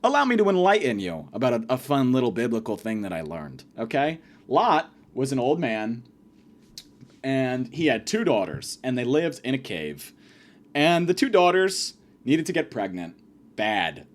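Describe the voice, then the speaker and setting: A man's voice: mid-range voice, big pitch swings, unhurried. A young man giving a crude, rambling comedic rant about his college.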